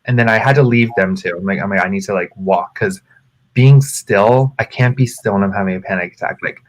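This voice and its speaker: A man with a lowish voice chats on a casual podcast, telling a personal story with plenty of drama. He slips into quick acted-out quotes and gets loud and expressive as he goes. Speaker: podcast co-host.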